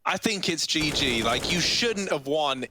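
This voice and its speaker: A man casting a competitive shooter match, playful and theatrical, building excitement on big plays. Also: on the high side, measured pace, noisy background. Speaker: esports caster. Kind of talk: play-by-play commentary.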